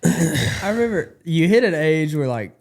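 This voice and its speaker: A man's voice: on the high side, big pitch swings, measured pace. A man in a casual podcast chat, easygoing and laughing often as he talks.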